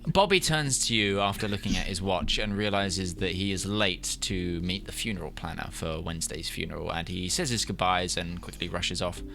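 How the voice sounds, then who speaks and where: A man's voice: low-pitched, moderate pace, vocal fry, few pauses, pushed and bright. A British man running a tabletop game as game master over voice chat, rambling with many fillers and restarts.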